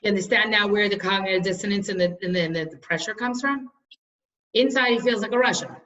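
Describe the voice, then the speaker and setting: A woman's voice: medium pitch, quick pace, a bit bright, recorded from a distance, muffled recording. A woman in her thirties teaching a study class, chatty and storytelling with frequent restarts.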